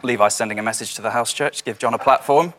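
Young male preacher, informal video-call sermon, chatty with dry asides, mid-pitched, lots of ums. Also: fast talker, fairly bright tone. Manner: chatty, many fillers, dry jokey asides. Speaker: house church speaker.

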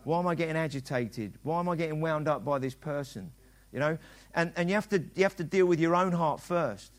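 A middle-aged man preaching as a pastor talks a little fast in a voice on the high side. His sermon is chatty, and he performs quoted dialogue in different voices.

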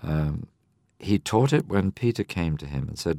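A man, older, explaining a Bible parable in a measured, teaching way on a discussion program. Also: rumbling low, expressive, vocal fry, mellow, no room sound, clean studio sound. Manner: measured, explanatory, reads scripture aloud.

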